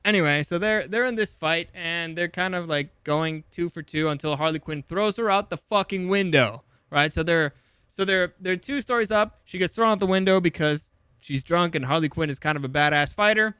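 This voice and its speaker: A man's voice: a little high, normal speed, bright, forceful tone, clean tone, no echo, studio quality. A man recapping a movie in a casual, sarcastic way, swearing often and rambling with lots of fillers. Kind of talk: casual comedic film summary.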